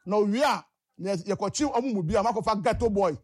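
A man's voice: high-pitched, quick pace. A man with a Ghanaian English accent, calling in to a talk show and giving impassioned political commentary with rhetorical questions. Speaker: caller.

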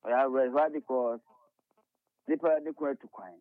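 A man's voice: medium pitch, steady tone, normal speed, dry recording. A Ghanaian man calling a radio show, making his point emphatically and repeating it. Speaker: caller. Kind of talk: call-in radio chat. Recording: tinny phone line on radio.

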